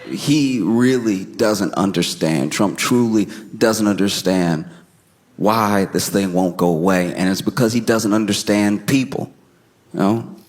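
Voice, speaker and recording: A man doing stand-up comedy, telling a story in an animated, exaggerated way, often breaking into laughter. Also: fairly low pitch, unhurried.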